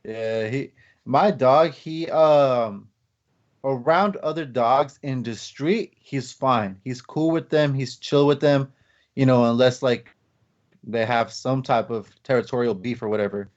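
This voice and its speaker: A man's voice: mid-range voice, unhurried. Male podcast host, casual storyteller, filler-heavy, slightly muffled recording. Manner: rambling, many fillers, acts out quotes. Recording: slightly dull lo-fi podcast audio.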